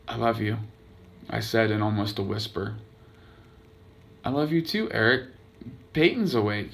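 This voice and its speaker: A man's voice: medium pitch, fairly bright tone. A man reading aloud his own blog post, telling a personal story earnestly and dramatically.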